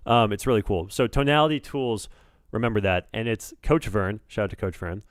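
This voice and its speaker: A man's voice: fairly low pitch, animated, brisk, no echo, studio quality. A man co-hosting a talk show in casual chat, who thinks aloud and repeats words while he searches for them. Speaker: co-host.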